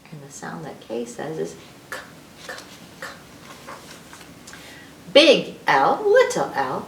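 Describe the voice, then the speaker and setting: A woman's voice: mid-range voice, very animated, a little slow, slight background noise. A woman hosting a library storytime, reading a children's alphabet book and playfully acting out letter sounds. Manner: playful, sing-song phonics teaching with sound effects. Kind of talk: children's read-aloud lesson. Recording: echoey room, distant mic.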